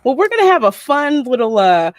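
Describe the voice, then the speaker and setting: Her high voice swings widely in pitch and moves fairly quickly as she hosts a casual livestream. Chatty and laughing often, she greets viewers by name and reads out their messages.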